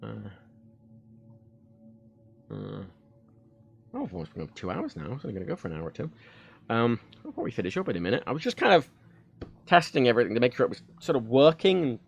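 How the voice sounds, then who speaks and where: A man's voice: mid-range voice, huge pitch swings, quick pace, gravelly, long pauses. Rambling man streaming. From United Kingdom. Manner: rambling, frank, many fillers and restarts. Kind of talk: casual livestream chat. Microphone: desk microphone.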